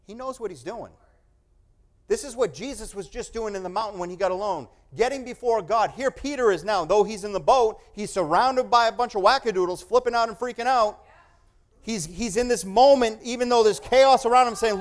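A man preaching a sermon, animated, swinging from quiet asides to loud, emphatic passages and acting out the voices he quotes. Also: sits high, normal speed.

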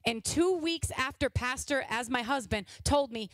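A pastor's wife in her forties preaches a sermon in a high-pitched voice, full of fervent, exhorting energy, shifting from loud urging to a hushed, confessional tone. Her voice sounds close and dry with no room sound, and she talks at a moderate pace with few pauses.

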